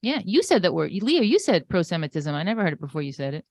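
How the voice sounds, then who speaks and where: A woman guest on a podcast, chatting casually in an animated, joking way. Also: on the low side, fast, dry recording.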